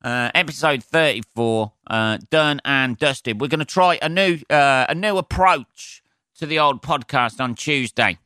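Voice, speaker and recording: A man's voice: mid-range voice, a little slow, pushed and bright, clean tone, no room sound, studio quality. A man hosting a solo podcast, ranting with heavy swearing and sarcasm and laughing at his own jokes. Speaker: podcast host.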